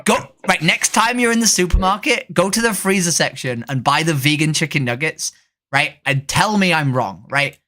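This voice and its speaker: A woman's voice: sits low, lively intonation, moderate pace, a bit bright. A woman, a vegan activist streaming a video chat, who argues pushily, swears freely, and keeps asking "right?". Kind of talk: casual video-chat debate.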